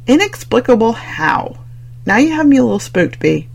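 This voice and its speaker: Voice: medium pitch, big pitch swings, moderate pace, creaky, pitched above the performer's own voice. Narrator voicing a jittery, curious young woman. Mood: spooked. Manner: eager, pleading questions. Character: curious, easily spooked young woman friend.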